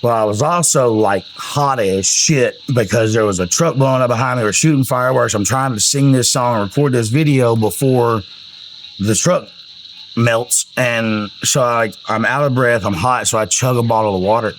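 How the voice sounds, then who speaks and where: A man's voice: mid-range voice, normal speed, slight background noise, low-quality recording. A man, telling rambling, profane stories about his music in a casual way. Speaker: country singer telling album stories. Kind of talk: casual storytelling.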